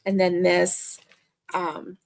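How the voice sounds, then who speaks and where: A woman's voice: on the low side, completely flat delivery, very slow, creaky. An older woman hosting a crochet live stream, chatting in a gushing, friendly way and laughing easily. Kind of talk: casual live stream chat.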